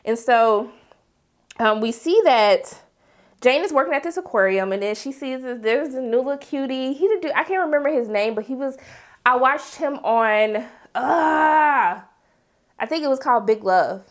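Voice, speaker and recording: A lively woman with a somewhat high voice recaps a TV episode in an easy, slangy way. She keeps slipping into playful impressions of the characters as she talks. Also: moderate pace. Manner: animated, slangy, acts out characters' lines. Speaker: TV series reviewer.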